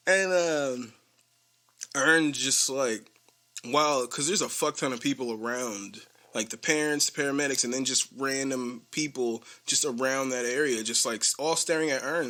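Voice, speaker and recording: A man's voice: fairly high pitch, moderate pace, bright, forceful tone. Casual man rambling through a TV recap. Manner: rambling, acts out quoted lines, laughs often. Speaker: podcast host.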